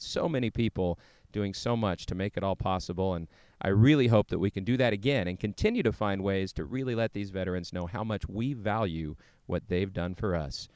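Deep-ish smooth man hosting. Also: darkish tone, no echo. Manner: measured, earnest presenter delivery. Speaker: host. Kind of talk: scripted narration.

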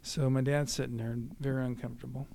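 A man's voice: medium pitch, fast talker, creaky, a little hiss or hum. A man casually retelling his father's war stories, acting out the dialogue with animation. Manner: animated, acts out quoted dialogue. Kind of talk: casual storytelling.

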